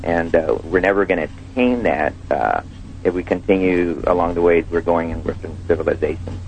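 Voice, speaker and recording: A man, an emergency room doctor, telling a story in an interview, halting with many fillers and restarts. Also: low voice, dull audio, a little hiss or hum.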